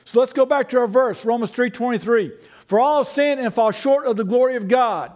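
A man's voice: extremely high pitch, fairly quick, darkish tone. A man preaching a sermon as pastor, conversational, asking rhetorical questions and teasing the congregation.

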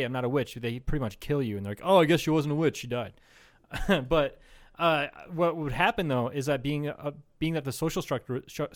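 A man's voice: medium pitch, no room sound. Young man, podcast co-host, rambling, profane, mid-range voice, dry close sound. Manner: rambling, profane, laughs a lot, acts out quotes. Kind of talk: casual comedy podcast chat.

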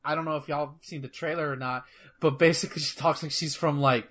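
Bright-voiced excitable young-sounding man. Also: on the high side, a little fast. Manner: rambling, excitable, swears freely. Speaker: podcast co-host. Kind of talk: casual gaming news chat.

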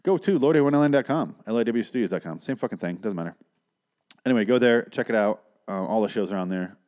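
A man's voice: fairly low pitch, darkish tone. A man hosting a movie review podcast, ranting casually with lots of swearing and exasperation. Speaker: podcast host.

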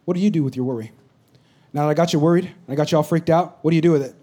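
Preaching very fast, a male pastor with a rather high voice alternates between urgent, booming moments and low asides that feel confided.

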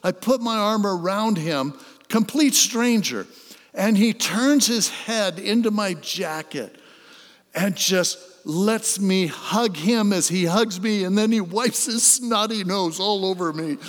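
A man preaching a sermon as a pastor, telling stories and swelling in intensity before dropping to a soft, earnest tone. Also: high voice, slow, in a large hall. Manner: storytelling, swells then drops to soft intensity.

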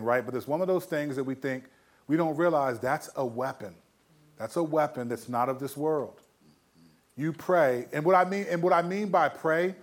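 A man hosting a faith talk show, casually giving Bible advice with easygoing slang and frequent chuckles. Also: a little high. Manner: laid-back and slangy, chuckles often, many restarts. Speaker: Christian podcast host answering questions.

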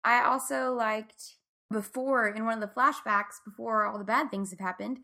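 A woman talks through a TV episode in a casual recap chat, animated and quick to laugh. Her voice sits a little high. Her tone is very bright. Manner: animated, laughs often, quotes lines in funny voices.

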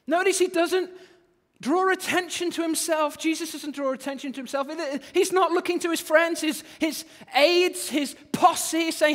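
A man preaching a sermon, animated, with phrases repeated for emphasis. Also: very high-pitched, moderate pace. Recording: long hall reverb.

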